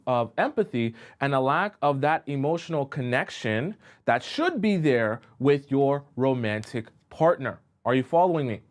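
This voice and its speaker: A man coaching women on relationships in a live-stream talk, explaining slowly with repeated examples and checking whether listeners follow him. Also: a little high. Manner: keeps checking in with listeners, asking if they follow.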